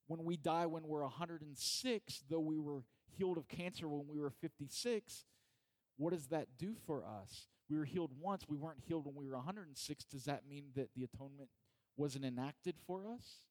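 A man's voice: a little high, a little mellow. A man preaching in an earnest Bible study, repeating points and asking questions of his listeners.

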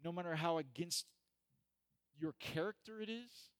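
A man's voice: fairly high pitch, normal speed, clean tone, no echo. A man preaching a sermon, earnest and repetitive, building to emphatic peaks.

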